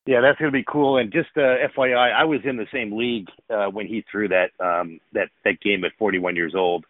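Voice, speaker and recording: Deep guy rambling casually, lots of ums, dry tinny phone sound. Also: steady tone, fairly quick, no echo. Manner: rambling, many fillers and restarts. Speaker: podcast co-host, former pro baseball player. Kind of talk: casual chat.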